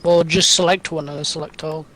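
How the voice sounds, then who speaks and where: A man's voice: fairly high pitch, fairly even intonation, a little fast, sharp tone. A man helping build a game map on a stream, speaking in short, casual replies and swearing now and then. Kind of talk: casual chat.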